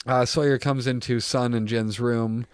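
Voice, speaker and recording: A man's voice: mid-range voice, steady tone, moderate pace, clear, resonant tone, no room sound, clean studio sound. A young man co-hosting a podcast, animatedly retelling TV scenes with quoted lines and casual swearing. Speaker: podcast co-host. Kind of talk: casual chat recapping a TV show.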